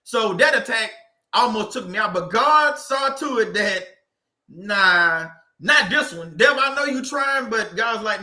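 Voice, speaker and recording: Guy preaching to his live chat, high sharp voice, keeps repeating himself, echoey room. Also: measured pace. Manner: emphatic, repeats phrases, reads out viewer comments. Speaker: faith channel host. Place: indoor room at a desk.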